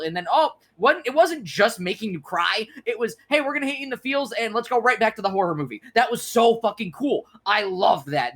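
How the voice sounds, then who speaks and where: An excitable young man talks casually as a podcast co-host and swears freely. His voice sits a little high. He swings between loud bursts and soft, choked-up stretches. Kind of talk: casual chat.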